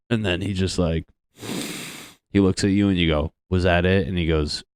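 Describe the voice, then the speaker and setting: A man's voice: low-pitched, expressive, measured pace, dry recording. A young man hosting a solo comedy podcast, rambling and swearing, laughing at his own jokes, close on the mic. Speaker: podcast host.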